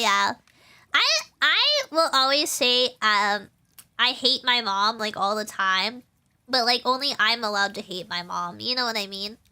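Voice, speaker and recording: A woman's voice: sits high, bright, forceful tone. A young woman streaming, chatting casually in a bubbly, rambling way, getting teary and giggling. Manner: bubbly, giggly, rambling with many likes and ums. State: teary, emotional. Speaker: VTuber streamer.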